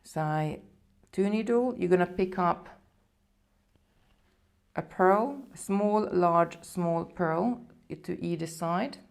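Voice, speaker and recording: Chatty woman doing a live beading tutorial, kinda low voice with a gravelly edge. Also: slow. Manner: chatty, talks viewers through steps while working.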